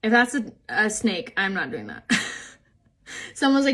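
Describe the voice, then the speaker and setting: A woman's voice: fairly high pitch, big pitch swings, unhurried, pauses often, a bit bright. A young woman hosting a makeup live stream, chatting casually and answering viewer comments, rambling and saying "like" a lot and laughing easily.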